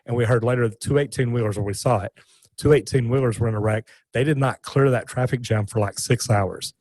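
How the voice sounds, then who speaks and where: A man's voice: mid-range voice, a little fast, no room sound, poor audio. Folksy man telling stories. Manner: animated, folksy, repeats words. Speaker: guest. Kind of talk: casual storytelling interview.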